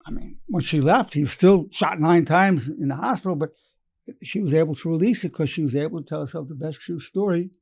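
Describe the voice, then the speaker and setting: A man in his eighties teaches by telling stories from his practice, quoting each exchange and circling back to key lines. His voice sounds gravelly and mellow. It sits a little high for a man. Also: a little fast. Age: 80s. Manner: retells client stories with quoted dialogue and repeated phrases. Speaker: psychologist. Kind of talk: storytelling lecture.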